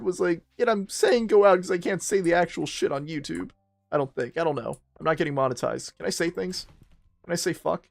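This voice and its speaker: A young man's voice sitting a touch high for a guy, loose and profane as he rambles through an anecdote while streaming a game. He keeps laughing at himself between run-on sentences. Faint game music hums quietly underneath. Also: creaky. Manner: rambling, profane, self-mocking, quick laughs. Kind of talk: casual storytelling while gaming.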